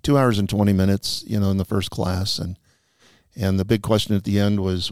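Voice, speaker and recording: A man's voice: on the low side, brisk, creaky, darkish tone, no room sound, clean studio sound. A man, a firearms instructor, speaking earnestly and emphatically as a podcast guest. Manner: earnest, emphatic about responsibility. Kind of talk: conversational podcast talk. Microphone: studio podcast mic.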